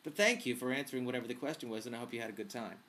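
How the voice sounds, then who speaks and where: Vlog host, male, mid-pitched, campy and quick with a joke, answering viewer questions casually. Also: fairly bright tone. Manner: chatty, campy and wisecracking.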